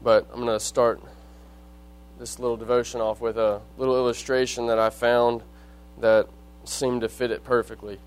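A man giving a short devotion to a congregation, talking in a folksy, relaxed way with fillers. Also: medium pitch, normal speed, smooth, poor audio. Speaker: lay preacher giving a devotion. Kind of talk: sermon.

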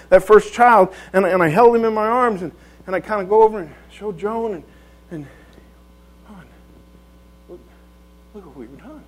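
A man's voice: high voice, low-quality recording. A man preaching a conversational sermon in a church, folksy, often repeating words and asking rhetorical tag questions.

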